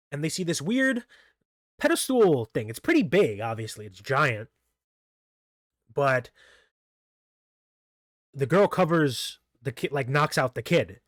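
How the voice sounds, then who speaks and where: A man's voice: medium pitch, a bit bright, no room sound. Rambling man recapping manga, dry close sound. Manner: rambling, full of fillers and restarts. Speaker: manga review channel host. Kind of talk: casual chapter recap.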